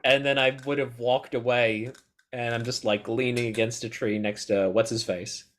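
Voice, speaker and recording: A male player at a tabletop game speaks in a calm, plain, mid-pitched voice. He describes his moves matter-of-factly. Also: moderate pace.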